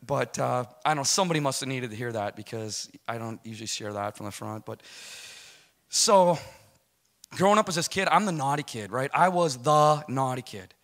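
Bright-voiced man telling his testimony. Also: mid-range voice, animated, moderate pace. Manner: rambling, self-deprecating storytelling with many restarts. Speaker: guest speaker giving testimony. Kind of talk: personal testimony to a congregation.

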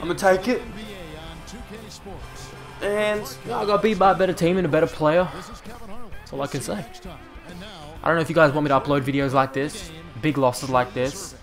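A young man giving live commentary over his own basketball video game, exasperated and swearing, swinging between loud outbursts and low muttering. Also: normal speed, pauses often, faint music behind. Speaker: gaming commentator.

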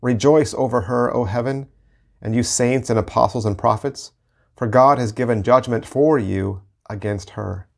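A male pastor leading an online Bible study, reading scripture slowly and then explaining it in a conversational way, often repeating his words. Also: on the low side, vocal fry.

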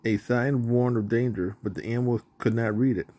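A man's voice: mid-range voice, brisk. Man reading a children's storybook. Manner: plain, even narration with small slips. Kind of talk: storybook read-aloud.

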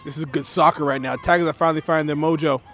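A man giving play-by-play commentary at a soccer match outdoors, excitable and repetitive, shouting on big plays. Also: a little high, very fast, slight background noise. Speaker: sports commentator.

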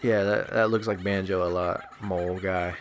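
A man's voice: low-pitched, steady tone, normal speed, music in the background. A man giving casual, crude, joking let's-play commentary while playing a video game, teasing the characters and mocking his own skill. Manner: joking, crude and self-deprecating.

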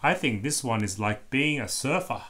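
A man voicing a calm female rabbit yoga instructor in a read-aloud storybook, slow and soothing. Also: medium pitch.

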